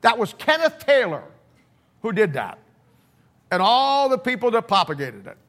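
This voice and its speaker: A man's voice: a little high, fairly bright tone. A middle-aged man preaching in a folksy, blunt, conversational way, often repeating words and restarting as he tells stories. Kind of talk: conversational sermon storytelling.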